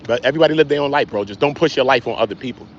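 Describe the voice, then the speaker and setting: A man hosting a casual livestream, talking straight to his chat in slangy, animated speech. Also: medium pitch, racing, highs cut off, slight background noise. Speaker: livestream host.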